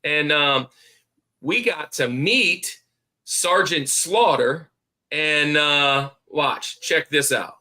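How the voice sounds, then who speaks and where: Excitable male podcast host. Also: fairly high pitch, extremely slow. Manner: rambling, repeats words, plugs friends. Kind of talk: casual podcast chat.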